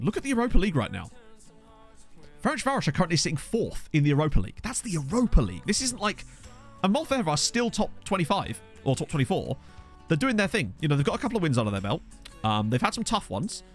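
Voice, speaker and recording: A gaming streamer broadcasts a management game live, chatting casually, getting excitable, and swearing whenever something surprises him. His medium-pitched voice is picked up by a desktop USB microphone.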